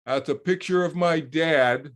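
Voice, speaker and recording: A man's voice: fairly high pitch, a little slow. Man in his 60s telling a story over a video call. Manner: repeats words while finding his thread, voices other people in quotes. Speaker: interview guest, author. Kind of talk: animated personal storytelling.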